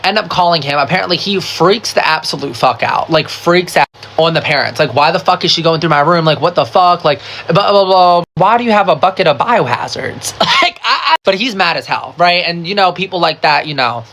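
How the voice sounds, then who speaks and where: Here's a brisk, mid-range voice narrating a casual storytime video. The speaker curses a lot, says "like" in nearly every sentence, and chattily dramatizes the tale by performing other people's lines in animated quoted voices.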